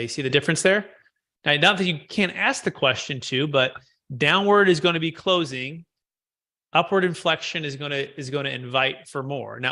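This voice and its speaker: Bright-voiced male sales trainer. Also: mid-range voice. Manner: coaching, asks trainees questions, repeats key phrases. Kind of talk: live training session.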